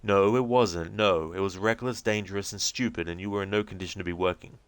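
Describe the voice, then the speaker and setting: A man doing a gruff, impatient federal agent. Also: low voice, fairly even intonation, a little fast, dry recording. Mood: curt. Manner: blunt, pushy, swearing. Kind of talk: reading game transcripts aloud with voices.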